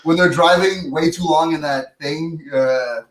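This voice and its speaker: A man's voice: on the high side, a little slow. Laid-back man rambling in a roomy room. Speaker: podcast co-host. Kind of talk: casual chat. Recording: roomy echo.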